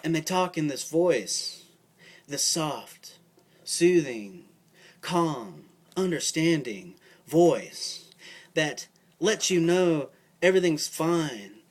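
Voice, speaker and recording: A young man with a fairly high voice vents in a loose, rambling monologue. He swears often, leans on filler words, and grows heated as he goes. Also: expressive, very slow. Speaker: vlogger. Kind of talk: casual ranting monologue.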